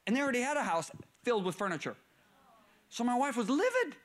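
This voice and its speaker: A middle-aged male preacher telling stories in a sermon, swinging between low murmurs and raised, excited bursts. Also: fast talker. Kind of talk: storytelling sermon.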